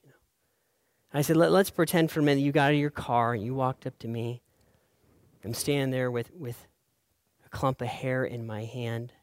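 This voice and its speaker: A middle-aged male pastor preaching a sermon, telling a story in a voice that swings from soft and hushed to loud and urgent. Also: medium pitch, steady tone, normal speed, pauses often, no room sound, studio quality.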